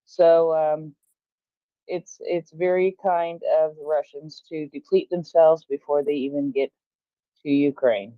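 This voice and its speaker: A man casually passing on a news item in an online audio chat, with wry, unhurried delivery. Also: fairly high pitch, fairly even intonation, no echo. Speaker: Twitter Space participant. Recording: muffled dry online call audio.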